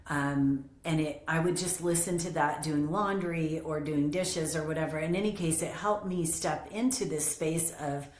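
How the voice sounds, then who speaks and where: A woman's voice: low-pitched, steady tone. A middle-aged woman in a candid conversation, talking reflectively with many restarts and frequent laughter. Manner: reflective, halting, laughs often. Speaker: roundtable guest. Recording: roomy echo.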